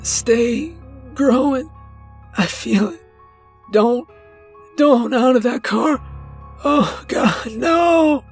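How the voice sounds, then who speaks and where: A man voicing a rural stranger who becomes raspy and shrill with pain. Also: unhurried, soft background music. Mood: agonized.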